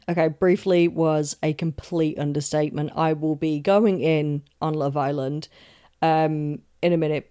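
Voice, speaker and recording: A woman's voice: fairly low pitch, warm tone, clean tone. Chatty young woman ranting. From London. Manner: chatty, rambling and emphatic, with frequent swearing and self-asides. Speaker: podcast host. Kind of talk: casual solo podcast rant.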